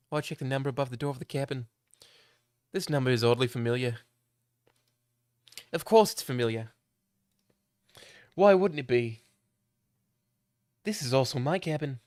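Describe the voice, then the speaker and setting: A young male streamer narrating a game aloud, loose and joking, with casual swearing and asides to his chat. His voice sits at an ordinary pitch, recorded dry and close with no room echo. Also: clear, resonant tone. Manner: joking, swears, chats with viewers. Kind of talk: live game playthrough, reading aloud.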